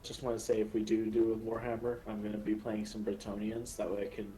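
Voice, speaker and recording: A man's voice: fairly low pitch, completely flat delivery, fast, warm tone, faint music behind, rough recording. A man playing a tabletop game with friends, teasing and cracking jokes. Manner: teasing, joking. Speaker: player. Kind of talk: casual joking chat over voice chat.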